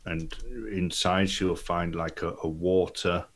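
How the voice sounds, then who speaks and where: A man's voice: deep voice, little pitch movement, slow pace. A man playing in a tabletop game, casually explaining what his character wants. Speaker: player.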